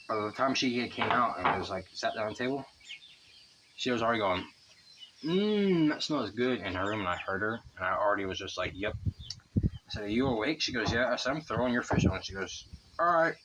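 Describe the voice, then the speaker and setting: A man's voice: on the low side, background noise. A young man telling a long rambling story in a casual vlog, cursing freely as he talks. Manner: rambling, profane, chatty. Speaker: vlogger. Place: outdoors by the water.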